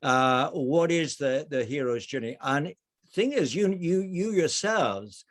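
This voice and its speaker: A middle-aged man giving a storytelling presentation over a video call from a narrowboat kitchen, animated, with frequent restarts. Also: fairly high pitch, takes it slowly. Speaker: speaker.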